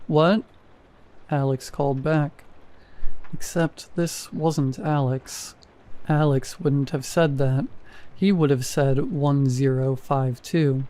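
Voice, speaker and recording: A man reads a first-person horror story at a steady, measured pace. His voice is mellow and warm, pitched a little high for a man. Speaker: narrator.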